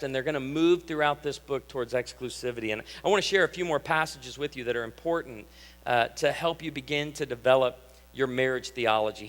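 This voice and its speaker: A man in his thirties, a pastor from Illinois, preaches in a relaxed, joking way, reading scripture between asides. His voice sits at an ordinary middle pitch. It rings with the long reverb of a church hall. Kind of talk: sermon.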